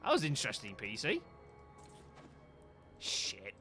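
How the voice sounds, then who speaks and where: A man's voice: mid-range voice, wildly swooping pitch, slow pace, bright, forceful tone, slightly rough, faint music behind. A man streaming a game live, talking to viewers as folks and getting exasperated at missed shots. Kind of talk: live gameplay commentary.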